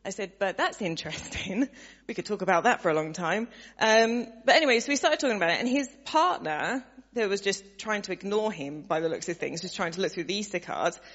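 A woman sharing a story with a church gathering, animated and laughing, acting out the voices of the people in it. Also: mid-range voice, a little fast. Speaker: church member sharing a testimony. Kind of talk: casual storytelling to a congregation. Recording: dull sound, long hall reverb.

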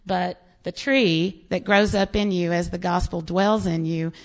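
A woman's voice: fairly low pitch, a little slow. An American woman pastor preaching a sermon, telling stories with quoted voices. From United States. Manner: animated storytelling with quoted voices and laughs.

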